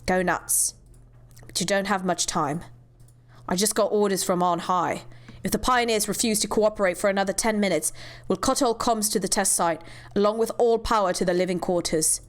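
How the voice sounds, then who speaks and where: A woman's voice: medium pitch, moderate pace, natural voice. Sex: woman. Figure: blunt, hard-nosed male cop voiced by a woman. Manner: curt, matter-of-fact. Style: game cutscene voice acting.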